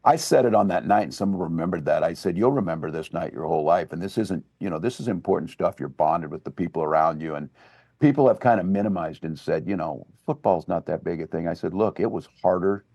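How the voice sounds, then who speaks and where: A man in his sixties, a governor chatting as a guest, who tells stories and gets excited and laughs easily. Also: low-pitched, fast, creaky, dry recording, clean studio sound. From Minnesota. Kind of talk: casual chat.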